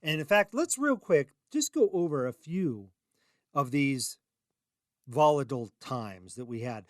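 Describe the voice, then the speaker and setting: This fairly high-pitched, expressive man talks unhurriedly on his own radio show, where he is host as well as a reverse mortgage salesman. Middle-aged, he rambles in a chatty, self-deprecating monologue marked by emphatic rises. Studio quality, no echo.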